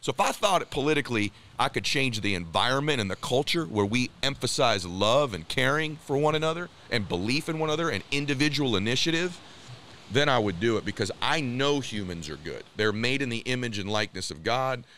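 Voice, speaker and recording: A man's voice: mid-range voice, animated, brisk, fairly bright tone, a little hiss or hum. A man talking as an interview guest, telling stories in an emphatic, earnest way. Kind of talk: casual conversation.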